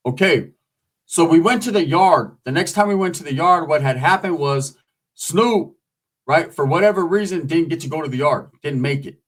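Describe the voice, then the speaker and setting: Guy rambling through old prison stories, lots of slang and cussing, slightly high voice, mic sits a bit far off. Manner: loose street slang, swearing, rambling asides. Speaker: storyteller recounting prison life. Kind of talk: casual storytelling.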